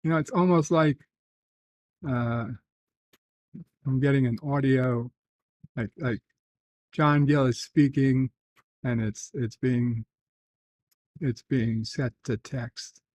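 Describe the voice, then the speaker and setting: A middle-aged man hosting a casual livestream. He reads chat messages aloud, then answers softly with dry, rambling humor. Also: mid-range voice, takes it slowly, long pauses, dry recording. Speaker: livestream host reading chat.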